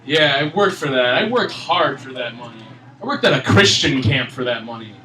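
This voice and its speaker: A young man from Michigan in his twenties doing a stand-up comedy set, ranting in an exasperated, animated way. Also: medium pitch, normal speed, slight background noise. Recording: echoey room, mic at a distance.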